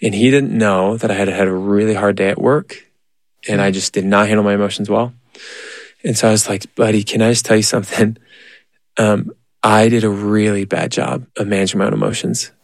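Therapist guy in his thirties, lowish voice, dry close sound, earnest and animated in an interview. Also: fairly quick, gravelly, no echo. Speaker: therapist and parenting guest. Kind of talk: conversational interview.

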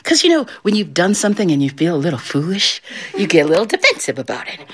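A middle-aged woman telling a folktale aloud, expressive and laughing often as she narrates. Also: fairly low pitch, quick pace, a crowd in the background. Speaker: storyteller. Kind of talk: animated oral folktale telling.

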